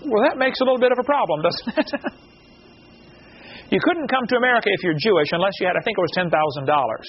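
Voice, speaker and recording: A man giving an animated lecture to a live audience, asking the room rhetorical questions. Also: high-pitched, fast, breathy edge. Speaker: creationist lecturer. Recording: dull lo-fi recording with faint noise.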